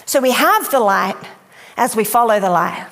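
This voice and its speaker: A woman preaching a sermon, emphatic and deliberate, speaking directly to her listeners. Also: fairly high pitch, lively intonation, fairly bright tone. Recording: long hall reverb.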